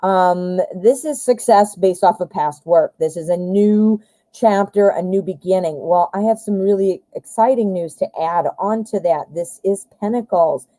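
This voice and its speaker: A woman's voice: on the low side, unhurried, warm tone, dry recording, low-quality recording. A woman giving a live-stream tarot reading, chatting directly to viewers with lots of fillers and friendly asides. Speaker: tarot reader.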